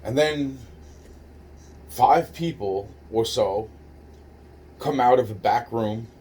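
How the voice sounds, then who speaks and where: A man's voice: mid-range voice, slow pace, a little mellow. A man casually telling a personal story, rambling and profane, with many restarts and fillers. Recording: distant mic with faint noise.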